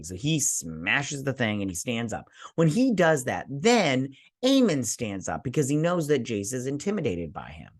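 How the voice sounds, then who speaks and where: Casual man recapping with animated asides. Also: medium pitch, moderate pace, dry recording, clean studio sound. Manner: animated storytelling, acting out characters' lines with fillers. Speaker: show host reviewing a TV episode. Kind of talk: casual recap with quoted voices.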